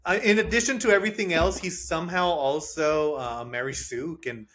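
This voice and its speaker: A bright, forceful male voice, a little higher than most, chatting loosely about a film with his co-hosts. He rattles through the plot, laughs often, and pops into goofy quoted voices along the way. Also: moderate pace. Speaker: podcast co-host. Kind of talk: casual movie review chat.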